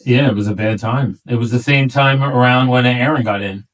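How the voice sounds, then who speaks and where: A middle-aged man with a New York accent, coaching a newer agent in a relaxed chat and acting out client talk along the way. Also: moderate pace, distant mic, poor audio. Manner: easygoing, acts out client lines in a higher voice. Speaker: real estate coach. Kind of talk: casual role-play coaching chat.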